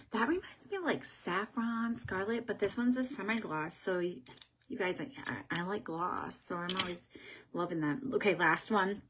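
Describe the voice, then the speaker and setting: Breathy-voiced woman chatting through makeup swatches. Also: lowish voice, normal speed. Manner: chatty and thinking aloud, unsure of product names. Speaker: beauty vlogger host. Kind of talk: casual makeup swatching chat.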